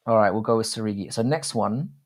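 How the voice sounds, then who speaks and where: A man's voice: fairly low pitch, quick pace, darkish tone. A young man hosting a casual live stream, rambling and swearing freely with many restarts.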